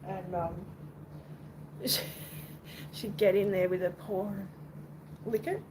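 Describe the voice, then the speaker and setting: Host: young Australian woman, unhurried, rambling, casually profane, live-streaming from home with a constant hiss of background noise. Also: medium pitch, steady tone. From Western Australia. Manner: rambling, informal, swears casually, talks to her cat. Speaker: livestream host. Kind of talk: casual livestream chat. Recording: noisy background.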